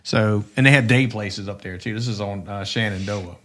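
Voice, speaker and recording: A man's voice: fairly low pitch, normal speed, a loud crowd. Rambling profane man telling stories. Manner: rambling, profane, frequent restarts. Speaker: podcast co-host. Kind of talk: casual storytelling chat.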